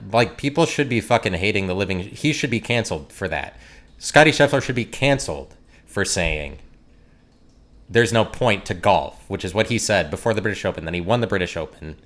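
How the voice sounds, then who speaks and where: Podcast host, male, lowish voice, exasperated sarcastic rant. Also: fairly bright tone. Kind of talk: opinionated solo rant.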